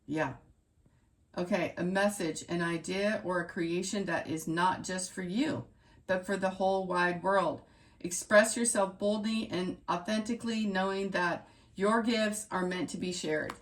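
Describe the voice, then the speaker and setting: A woman's voice: fairly low pitch, steady tone, a little slow. Woman doing a tarot reading on her channel, punchy and repetitive, kind of scolding pep talk. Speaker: tarot reader.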